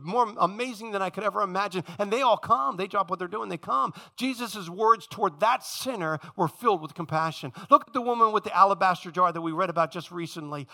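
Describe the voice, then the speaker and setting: A man preaching a sermon who tells the stories vividly and acts out the voices of the people in them. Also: high voice. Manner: animated storytelling, acts out quoted voices.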